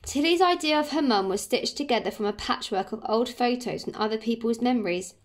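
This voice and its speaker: A woman's voice: a little high, a little fast. A woman teacher with an English accent reading a children's story aloud to her pupils, stopping now and then to explain. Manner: friendly, explains as she reads. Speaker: primary school teacher.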